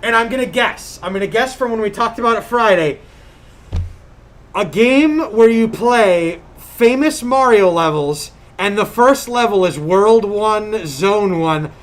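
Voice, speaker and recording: A woman from Long Island co-hosting a casual gaming podcast, animated and jokey, laughing often. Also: medium pitch, measured pace. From Long Island, New York. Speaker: podcast co-host. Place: streaming setup.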